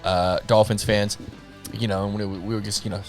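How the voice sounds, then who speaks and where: Lowish male voice, jokey profane football banter, faint music behind. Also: little pitch movement, normal speed. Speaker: podcast co-host. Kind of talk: casual sports chat.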